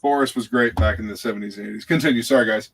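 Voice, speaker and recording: A man's voice: on the low side, racing, a bit bright. A man chatting as a guest on a live stream, blunt and profane, rambling about art. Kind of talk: casual chat.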